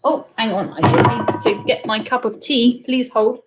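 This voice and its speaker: A woman's voice: on the high side, steady tone, moderate pace, heavy background noise. A British woman hosting a live cruise trivia stream in a chatty, casual way, reading out viewers' comments and answering them into a laptop webcam mic.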